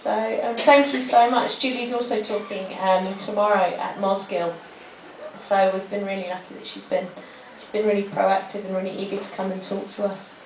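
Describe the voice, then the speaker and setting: A woman's voice: medium pitch, fairly even intonation, normal speed, a little hiss or hum. A woman hosting an event, casually introducing the guest speaker to a live audience. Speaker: event host. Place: public library hall. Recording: echoey room, distant mic.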